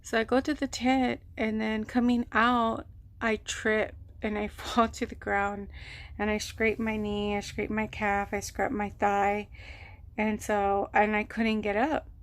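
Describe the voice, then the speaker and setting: A woman telling a long personal story on her vlog, rambling and animated, acting out what people said. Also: medium pitch, a little slow. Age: adult, mother of a grown son. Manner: rambling, animated retelling with quoted voices. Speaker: vlogger. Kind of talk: casual storytelling.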